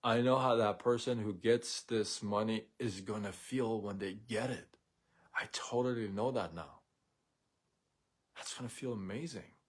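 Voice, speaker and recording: A man's voice: fairly low pitch, measured pace. A man hosting a live show, talking in a blunt, sarcastic, opinionated monologue. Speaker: host of a daily live show. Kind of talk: casual monologue rant.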